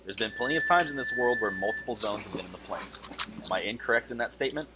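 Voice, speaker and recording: A man arguing fast and combatively over voice chat as a guild raid leader, swearing freely. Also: lowish voice, expressive, pushed and bright. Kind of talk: heated voice-chat argument. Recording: noisy voice-chat recording.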